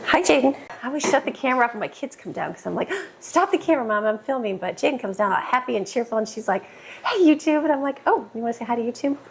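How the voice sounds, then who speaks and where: A middle-aged woman vlogs from her home kitchen, rambling through casual chat while cooking and laughing often. Her slightly high voice has lively intonation, vocal fry, and a breathy edge, and she talks very fast with hardly any pauses. A clip-on mic is attached to her shirt.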